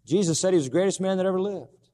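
A man's voice: sits high, rapid-fire, warm tone, long reverb tail. A man preaching a sermon, emphatic, repeating key words and asking his listeners questions. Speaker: pastor.

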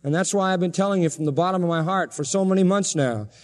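Emphatic high-voiced male preacher, long reverb. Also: quick pace, darkish tone. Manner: emphatic, insistent preaching with repeated phrases. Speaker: pastor. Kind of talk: sermon.

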